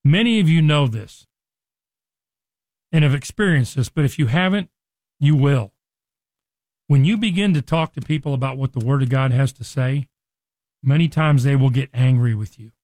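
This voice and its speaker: A man's voice: mid-range voice, expressive, normal speed, pauses often, a little mellow, no echo. Man teaching a sermon, dry sound. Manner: conversational, repeats and restarts, acts out quotes. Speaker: Bible teacher.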